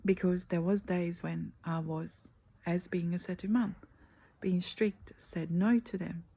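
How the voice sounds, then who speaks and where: A woman with a dark, lowish voice gives a soft motivational talk as a life coach, her intonation fairly even. She speaks earnestly, slowly and emphatically, often dropping to a breathy near-whisper, and the audio is poor with faint background noise.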